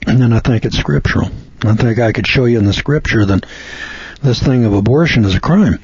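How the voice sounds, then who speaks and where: Male preacher, husky voice, folksy and sardonic, throat-clearing, dry muffled recording. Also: mid-range voice, fairly quick, darkish tone, no echo. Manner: folksy, sardonic, talks back to a letter writer. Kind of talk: conversational Bible commentary.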